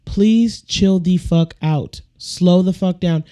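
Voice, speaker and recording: Woman podcast host, blunt profane comic rant, dark mellow voice. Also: fairly low pitch, slow pace. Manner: profane, blunt, animated ranting. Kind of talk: casual comedic rant.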